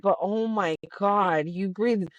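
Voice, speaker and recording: A woman's voice: medium pitch, slow, dry recording. A woman in casual, teasing banter with her husband, laughing often, talking in a car. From Latina. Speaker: host's wife, co-host. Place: car while driving.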